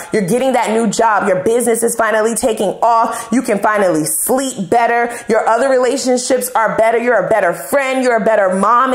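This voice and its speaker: A woman's voice: fairly high pitch, echoey room. Blunt, profane woman tarot reader. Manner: blunt, profane, slangy and animated. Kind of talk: casual tarot reading to camera.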